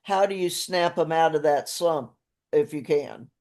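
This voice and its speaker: A woman's voice: low voice, measured pace, darkish tone. A woman hosting an interview on a coaching call, asking long, rambling questions and laughing often. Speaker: interview host.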